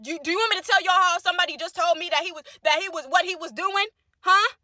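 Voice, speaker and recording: A young woman telling a personal story to her viewers in casual, animated speech, repeating phrases for emphasis. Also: extremely high pitch, fast talker. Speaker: storytime creator.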